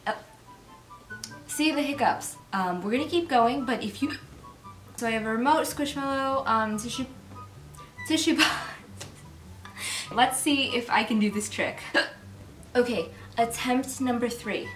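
Young woman vlogging, kinda high voice, rambly and giggly, soft music behind. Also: a little slow, pauses often. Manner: chatty, giggly, self-mocking. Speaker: YouTuber. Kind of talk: casual vlog bloopers.

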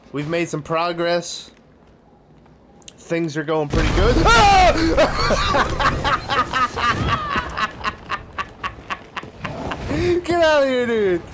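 A man commentating his own gameplay, excitable and profane, trash-talking the game, yelping and shouting at sudden scares, sometimes laughing as he talks. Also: fairly high pitch, normal speed, long pauses, slight background noise. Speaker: gaming channel host.

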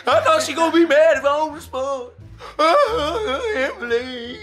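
A man's voice: very high voice, expressive, measured pace, fairly bright tone, faint music behind, heavily acted. A young man putting on the voice of a teenage boy crying over his lost phone, wailing in mock sobs. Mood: mock sobbing. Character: whiny sobbing teen boy mourning his phone.

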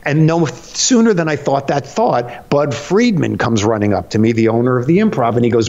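Animated middle-aged man telling comic stories. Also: moderate pace, muffled recording. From Connecticut. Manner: lively storyteller, breaks into high laughing squeals. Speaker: comedian guest. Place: his home.

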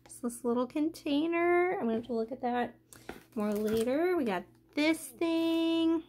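A young woman chatting casually as she unboxes a craft package, gushing and excited, gasping often. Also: sits high, measured pace, slight background noise. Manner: gushing, excited, many gasps and "oh my gosh". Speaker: craft vlogger.

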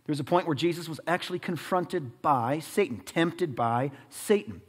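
A fairly high-voiced man preaches a sermon as pastor, rising to loud emphasis and then dropping to near-hushed asides. His voice rings with the long reverb of a church hall. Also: normal speed, husky. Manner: dramatic swings between loud and hushed delivery.

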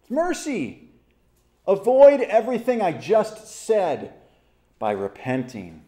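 An animated man teaching a church Bible study, his pitch swooping up and down. His voice is mellow and dark, and he keeps asking the group questions. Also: slow. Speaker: pastor leading a Bible study.

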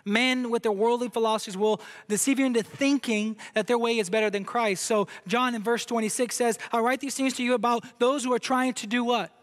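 Man from brazil preaching in a church, pretty high voice, lots of hall echo. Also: steady tone, fairly quick, few pauses. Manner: emphatic preaching, asks the crowd questions. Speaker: pastor. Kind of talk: sermon. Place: church sanctuary. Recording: long hall reverb.

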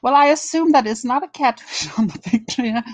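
A German-accented woman with a high voice hosts a live drama commentary stream, speaking at a moderate pace with no room sound. She greets chatters one by one and mocks rivals, swearing heavily throughout.

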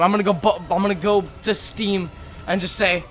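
A young man commentating while playing a video game, excitable and swearing, swinging between low mutters and loud outbursts. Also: brisk, soft background music. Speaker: gaming video creator. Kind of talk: let's play commentary.

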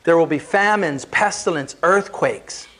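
A man's voice: on the high side, a little slow, bright, forceful tone. A man preaching a sermon as pastor, earnest and building emphasis as he explains scripture.

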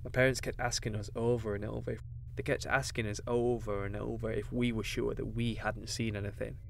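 A man telling a scripted horror story in a measured voice that sinks to a hush at tense moments. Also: medium pitch, flat delivery, creaky, slight background noise. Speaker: narrator.

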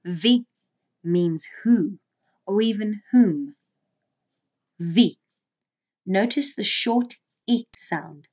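A woman's voice: mid-range voice, animated, slow, a little mellow. A woman teaching a beginners' language lesson, patiently repeating each word so learners can say it with her. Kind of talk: slow, clear language lesson. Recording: slightly dull, muffled audio.

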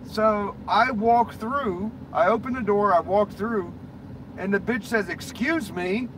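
Male streamer, slightly high voice, profane off-the-cuff ranting, in a car with road noise. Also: unhurried. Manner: profane, rambling, blunt. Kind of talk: casual ranting chat. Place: inside a car. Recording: clear road and engine noise.

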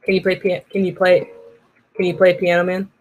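A woman's voice: on the low side, monotone, fairly quick, a little mellow, soft background music, rough recording. Playful woman streaming a goose game. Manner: jokey, teasing, sudden silly voices. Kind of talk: playful let's-play commentary.

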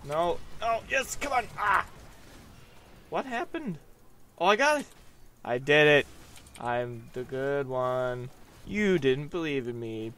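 A young man narrates his gaming in a goofy, self-mocking way, drawn out and unhurried, then jumps into sudden high yelps. His voice sits a bit high for a man. A faint hiss of noise runs underneath. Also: big pitch swings, fairly bright tone. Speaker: gaming vlogger. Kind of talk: gameplay commentary with Q&A.

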